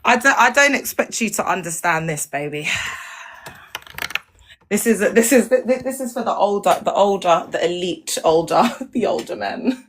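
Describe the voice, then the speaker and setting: A woman's voice: mid-range voice, animated, normal speed, fairly bright tone, slight background noise. Chatty woman on a live stream. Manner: chatty, frank, many tag questions and terms of endearment. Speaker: livestream host. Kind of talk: rambling live-stream chat. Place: at home.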